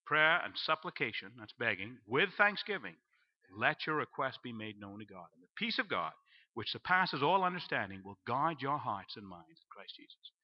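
Animated preacher telling a story. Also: male voice, normal speed. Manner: animated storyteller who drops to a low hush for the voice of God. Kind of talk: storytelling sermon. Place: church sanctuary. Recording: dull lo-fi live stream.

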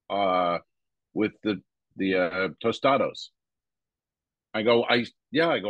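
A man co-hosting a comedy podcast, telling an anecdote in an animated, halting way with many pauses. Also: lowish voice, no room sound. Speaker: podcast co-host. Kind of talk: casual comedic storytelling.

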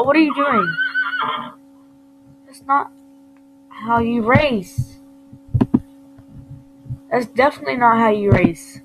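A woman giving casual, playful commentary over a video game, scolding her character as she plays. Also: medium pitch. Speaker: gamer commenting on play. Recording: noisy home recording.

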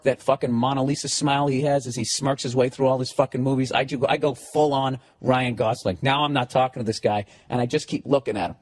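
A man, a comedian, telling a story as a profane, animated rant. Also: medium pitch.

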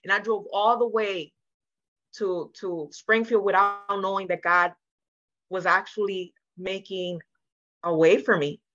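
Bright-voiced woman telling her story earnestly. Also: mid-range voice, fairly even intonation, a little slow, dull audio. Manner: earnest, emotional storytelling, acting out quoted dialogue. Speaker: interview guest. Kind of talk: candid sit-down podcast conversation.

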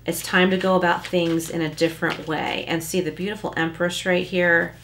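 A woman's voice: lowish voice, level tone, moderate pace, fairly bright tone, a little hiss or hum. A woman giving a casual tarot reading, chatty, with many likes and rhetorical rights, now and then acting out short quoted lines. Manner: acts out little quoted lines. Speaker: tarot card reader.

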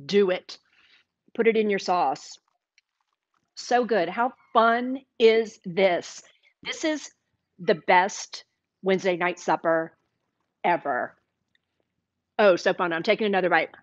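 A woman with a Southern US accent chats her way through a live cooking stream, unhurried and drawn out. She is enthusiastic and sometimes talks with her mouth full. The sound is dry and a little dull. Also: medium pitch, dry recording. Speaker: cooking show host. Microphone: sits with a microphone.

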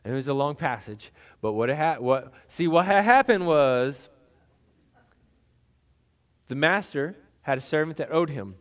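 A man's voice: a little high, animated, a little slow, long pauses. A middle-aged male pastor preaching a sermon in a conversational, folksy way, with lots of fillers and restarts.

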